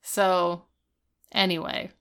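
Woman co-host, casual recap chat, smooth clear voice, animated. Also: on the low side, takes it slowly. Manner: animated, quotes characters in little voices. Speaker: podcast co-host.

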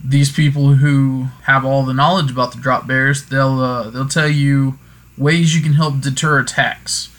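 A man's voice: medium pitch, flat delivery, unhurried, a bit bright. A man hosting a casual folklore talk, digressive and self-correcting, with jokey asides as he goes. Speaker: podcast host.

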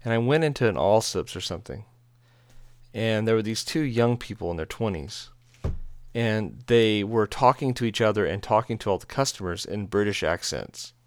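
A man's voice: fairly low pitch, expressive, normal speed, no echo. A man from Texas, a pastor, chatting casually and telling rambling, self-deprecating stories. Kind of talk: casual chat.

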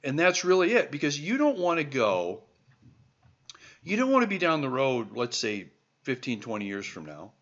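A man from the American heartland hosts a podcast in a pressing, exhorting tone, hammering listeners with rhetorical questions. His voice sits at an ordinary middle pitch. The recording sounds a little dull and lo-fi. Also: wildly swooping pitch, normal speed, fairly bright tone. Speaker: podcast host. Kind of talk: motivational podcast monologue.

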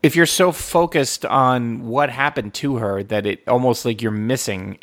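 A man in casual chat, rambling and animated as he tells stories, swearing freely. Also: medium pitch, unhurried.

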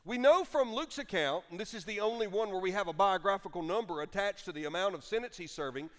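A male pastor preaching a sermon in an animated storytelling manner, with humor. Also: high voice, fast talker. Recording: long reverb of a large hall.

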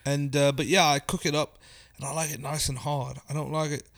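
A young man with a Northern English accent, talking in a deadpan, rambling, earnest way as a comedic interview guest. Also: on the high side, fairly quick, vocal fry. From England. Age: young adult.

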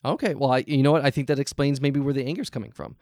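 A man's voice: mid-range voice, very fast, darkish tone, no room sound, studio quality, natural voice. A man playing a stammering, flustered advice-show host. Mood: probing. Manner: nervous, stammering, overly polite. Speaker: improv comedy host. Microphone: video call.

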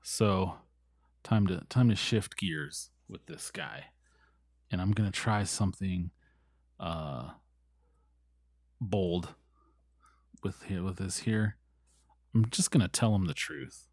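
A man playing a tabletop game, talking in a slow, joking way and often trailing off. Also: deep voice, darkish tone, no room sound, studio quality. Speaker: player. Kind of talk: casual tabletop game play.

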